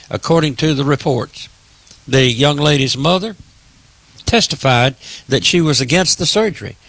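An older man speaks in a gravelly, slightly raised voice. He delivers political commentary with a preacher's emphatic repetition. The recording is dry and close. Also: on the high side, a bit bright, no echo.

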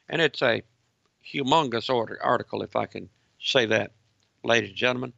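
A man delivers a commentary broadcast with a gravelly, fry-edged voice and a bright, forceful tone. He presses each point through repetition and reads articles aloud. The recording is dry and a little dull, like lo-fi broadcast audio. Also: medium pitch, steady tone, brisk, no room sound.

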